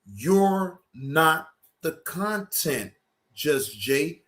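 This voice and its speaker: A man with a high, lively voice calls out a rival creator. He drags out his words slowly and curses for emphasis. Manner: drawn-out, emphatic, cursing. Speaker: streamer addressing a rival. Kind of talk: slow confrontational callout.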